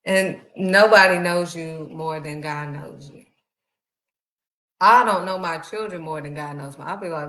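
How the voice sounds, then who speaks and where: A woman preaches, speaking in a heartfelt, conversational way. Her voice sits a little low for a woman. The sound carries a noticeable echo from the room around her. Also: a little slow, pushed and bright. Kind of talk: sermon. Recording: echoey room.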